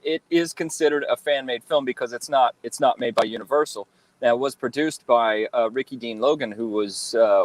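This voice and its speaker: A man in his thirties, a guest telling stories in a relaxed interview, rambling with lots of fillers and restarts. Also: mid-range voice, no room sound, low-quality recording. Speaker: guest, fan-film actor and cosplayer. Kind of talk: casual interview chat.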